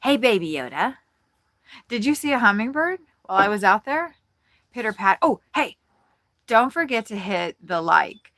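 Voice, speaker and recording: A woman's voice: fairly high pitch, bright, forceful tone, low-quality recording. A woman hosting a casual birdwatching livestream from inside an RV, chatty and playful with frequent giggles. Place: indoors in an RV.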